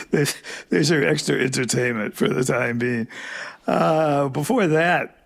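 An older man hosting a jazz radio show, calmly announcing tracks and players with chatty, dry humorous asides. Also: on the high side, unhurried, creaky. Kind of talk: relaxed on-air back-announcing.

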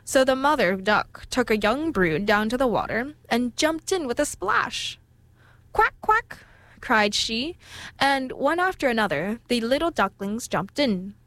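Expressive woman reading a storybook. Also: fairly high pitch, measured pace, no room sound.

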